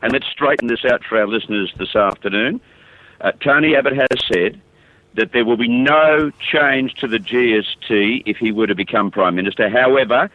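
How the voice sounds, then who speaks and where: A man's voice: mid-range voice, normal speed, dry recording, phone-quality sound. A man hosting talk radio, blunt and skeptical, challenging his callers. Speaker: radio host.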